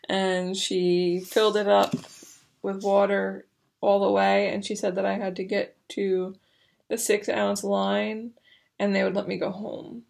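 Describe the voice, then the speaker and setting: A woman's voice: mid-range voice, level tone, moderate pace, creaky, darkish tone. A young woman vlogger telling a story to the camera in a casual, rambling way, full of fillers. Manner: chatty, rambling with many fillers.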